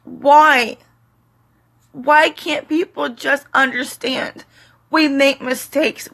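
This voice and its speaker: A middle-aged woman speaks slowly in halting fragments, her voice bright and a touch high. She sounds tearful yet defiant as she pleads with her audience in a direct-to-camera vlog. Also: steady tone. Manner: slow, halting delivery with short fragments. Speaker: vlogger. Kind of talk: emotional direct-to-camera monologue.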